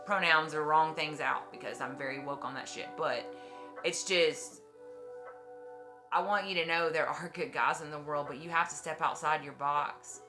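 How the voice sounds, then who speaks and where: A woman in her forties with a low voice, talking bluntly and effusively and swearing freely. Her casual chat on a stream has clear music playing behind it. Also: normal speed. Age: 40s.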